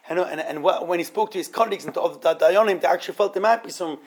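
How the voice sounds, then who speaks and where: A man teaching an informal Torah study class, halting and often repeating words as he explains. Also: high voice.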